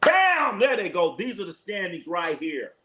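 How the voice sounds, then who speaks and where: Here a live sports commentator with a high-sitting, fairly bright voice speaks at normal speed, sounding expressive, though the recording quality is low. Hosting his own basketball stream, he calls plays casually for his chat, repeats himself a lot, and doesn't hold back on profane, forceful opinions.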